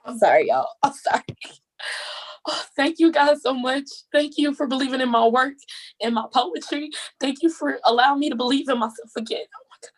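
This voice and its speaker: A woman's voice: sits high, fairly even intonation, brisk. A young woman giving an emotional acceptance speech after winning a contest, tearful and breathless with gushing thanks, talking into her phone on a video call. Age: young adult. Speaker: contest winner.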